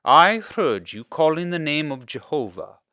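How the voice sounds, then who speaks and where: A man voicing a kind, strong father in a storybook reading, speaking softly and calmly. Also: on the high side, a little slow, clean tone, no echo, studio quality, pitched above the performer's own voice, heavily acted. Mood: gentle. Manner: soft, calm and reassuring.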